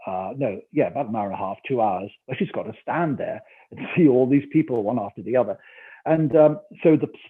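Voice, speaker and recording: A man's voice: mid-range voice, husky. An older man from Newcastle with a Geordie accent, an actor and audiobook narrator telling a story in an interview, acting out quotes and laughing often. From Newcastle, England. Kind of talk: remote interview conversation. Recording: tinny call audio.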